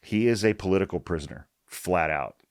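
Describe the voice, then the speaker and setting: Animated and a little fast, the host's low, smooth voice carries his political commentary as he reads an article aloud, bluntly and heatedly. He swears a lot and repeats his points for emphasis; there's no echo.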